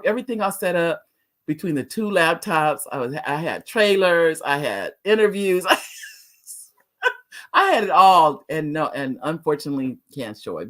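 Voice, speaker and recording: A middle-aged woman with a deep, slightly bright voice hosts a casual live talk show, reading viewer comments and chatting with her audience. She often restarts sentences and laughs a lot.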